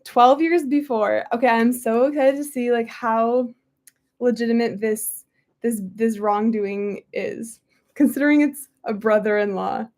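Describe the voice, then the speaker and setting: A woman's voice: fairly high pitch, unhurried, a little mellow. Chatty woman reading a book aloud. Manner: chatty, self-interrupting, apologetic asides. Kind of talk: casual reading with chatty asides.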